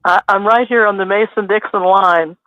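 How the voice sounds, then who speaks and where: A panelist in a casual call-in chat who talks fast and is eager to chime in. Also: medium pitch, fairly even intonation, sharp tone, dry recording. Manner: quick talker, eager to chime in. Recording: tinny phone line.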